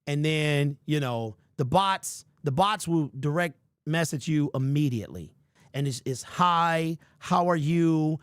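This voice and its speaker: Joking man with a higher voice, dry sound. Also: lively intonation, measured pace, dry recording. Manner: joking, laughs at his own stories, talks straight to viewers. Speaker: sports podcast host. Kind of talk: casual podcast chat.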